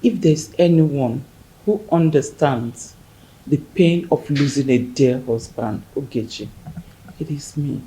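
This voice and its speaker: An actress playing an earnest middle-aged widow who comforts a grieving friend in a film drama. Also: female voice, a bass voice, slow pace, dark tone, low-quality recording. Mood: consoling. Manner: soothing and earnest.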